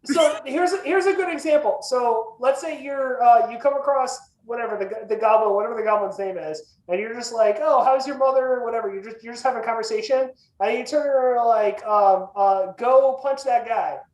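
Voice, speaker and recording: A woman's voice: on the high side, brisk, few pauses, a little mellow. A woman co-hosting a casual podcast, explaining eagerly with many repeats and fillers. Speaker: podcast co-host and player. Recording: roomy echo.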